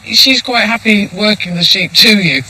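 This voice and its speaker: A woman's voice: mid-range voice, normal speed, pushed and bright, low-quality recording. A woman sheepdog trainer giving instruction outdoors on a hillside, calling commands firmly.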